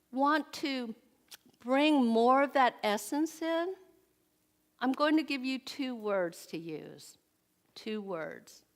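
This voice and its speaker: A middle-aged woman giving a conversational sermon at a church service, often putting questions to the audience. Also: fairly high pitch. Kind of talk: inspirational sermon.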